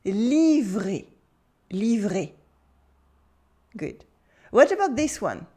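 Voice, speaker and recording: A French woman teaching pronunciation in English with a French accent, enunciating slowly and carefully and prompting the listener to repeat after her. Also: medium pitch, very animated, mellow. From France. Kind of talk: pronunciation lesson.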